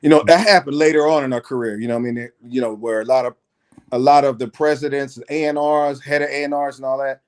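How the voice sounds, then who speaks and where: A man, a music producer, telling studio stories in a relaxed, animated way, dropping "man" into nearly every line. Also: medium pitch, fast talker, clean tone. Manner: laid-back, says "man" constantly, animated retelling. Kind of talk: casual storytelling interview.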